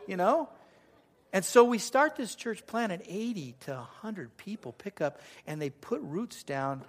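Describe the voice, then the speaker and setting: A middle-aged male pastor delivers a sermon in a voice that sits somewhat high for a man. He tells stories with animation and brings the people he quotes to life.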